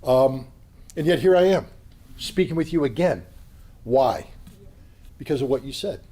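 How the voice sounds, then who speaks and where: A man giving an impassioned, blunt political speech at a convention, sometimes rising to a yell. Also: mid-range voice, expressive, unhurried, slightly rough. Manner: blunt, combative, rising to yelling. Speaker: convention speaker. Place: convention hall.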